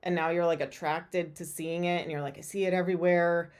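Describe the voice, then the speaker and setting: A woman's voice: fairly low pitch, fairly even intonation, a little fast, darkish tone, clear, resonant tone. A woman tarot reader hosting a casual live stream, chatty and rambling with many fillers.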